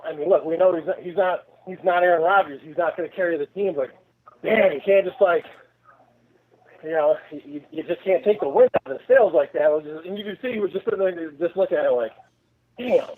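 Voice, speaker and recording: A man calls in to a podcast over a tinny phone line. His voice is high for a man, and he speaks frankly, with some exasperation. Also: fast. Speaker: caller. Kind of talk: casual call-in chat.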